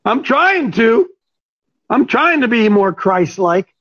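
A man's voice: extremely high pitch, very animated, slow, fairly bright tone, muffled recording. A man hosting and preaching to a small live group, fiery and emphatic, repeating key words for force. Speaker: show host and preacher.

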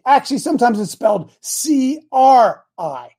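Husky man as a fired-up show host, hammering each point slowly. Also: sits high, expressive, darkish tone. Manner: emphatic, repeats key words slowly, addresses helpers by name. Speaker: coach leading a Christian talk show. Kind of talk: fiery preaching-style talk to viewers.

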